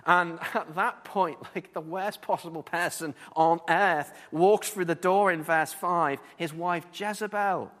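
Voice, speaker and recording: A man preaching a sermon, earnest and animated, often repeating words as he builds his point. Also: high-pitched, a little slow, hardly any pauses, big-room sound.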